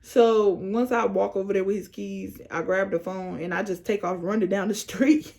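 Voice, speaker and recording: Young woman, storytime vlog, casual, animated, slangy, fry in the voice. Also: medium pitch, moderate pace. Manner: animated, slangy, laughing retelling. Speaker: vlogger.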